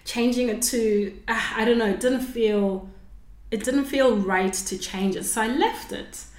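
A woman's voice: on the high side, steady tone, unhurried. A woman hosting her own unscripted podcast, talking reflectively in a rambling way and correcting herself as she goes. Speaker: podcast host. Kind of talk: unscripted solo podcast talk. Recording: roomy echo.

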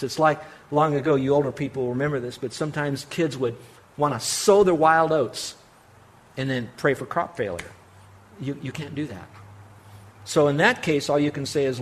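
Emphatic preaching man, a bit high. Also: moderate pace. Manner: emphatic preaching, swings from loud to hushed. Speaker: pastor. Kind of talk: sermon.

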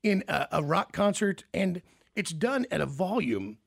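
A man's voice: sits high, big pitch swings, measured pace, creaky, slightly rough, dry recording, studio quality. A man hosting a radio interview, enthusiastic and rambling, repeating words as he talks.

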